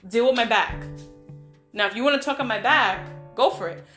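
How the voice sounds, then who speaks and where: A woman's voice: on the high side, fairly quick, fairly bright tone, faint music behind. A middle-aged woman hosting a podcast, giving casual motivational talk in a direct, emphatic way straight to the listener. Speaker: podcast host.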